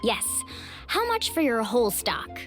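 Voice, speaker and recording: An earnest young heroine. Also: female voice, fairly high pitch, big pitch swings, unhurried, soft background music. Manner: earnest and direct. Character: determined young woman on a rescue.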